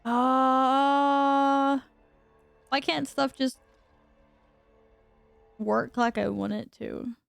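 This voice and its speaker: A woman's voice: fairly high pitch, slow pace, gravelly, long pauses, dry recording, soft background music. A woman streaming a game, chatting casually with her viewers while she fixes her audio. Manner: flustered, talks to chat while fixing audio. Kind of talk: casual live-stream chat.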